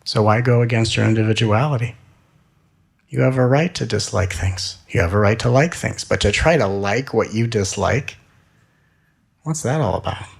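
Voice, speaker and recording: A man giving a spiritual talk, gentle and soothing, with slow repeated phrases. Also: on the low side, gravelly, husky. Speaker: spiritual teacher.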